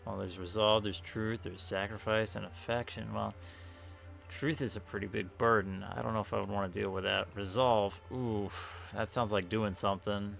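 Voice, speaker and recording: A man's voice: lowish voice, fairly even intonation, normal speed, gravelly, fairly bright tone. A man casually commenting on a game as he plays, rambling and correcting himself while reading the game's questions aloud. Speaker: streamer playing a game. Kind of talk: casual let's-play commentary. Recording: faint game music behind.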